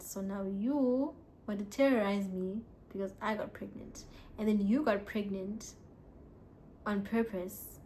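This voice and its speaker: A woman's voice: mid-range voice, a little hiss or hum. A young woman vlogging casually, a bit tipsy, chatting and telling stories while she answers viewer questions. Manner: chatty, animated storytelling, mixing English and local words.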